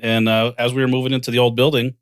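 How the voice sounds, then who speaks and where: Speaking quickly in a mid-range voice, this forties-aged guest recounts how his career unfolded, voicing the people in his story with quoted dialogue. He co-founded a financial firm and keeps the casual interview lively. The sound is clean, echo-free studio quality.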